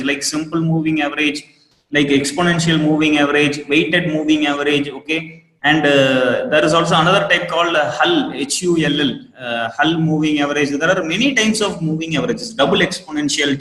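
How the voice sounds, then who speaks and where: Indian english guy teaching trading class, high-ish voice, says everything twice, roomy echoey sound. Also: fairly bright tone. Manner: repetitive, asks class for quick yes. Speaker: trading course instructor. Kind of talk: live online class lecture. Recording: roomy echo with long reverb.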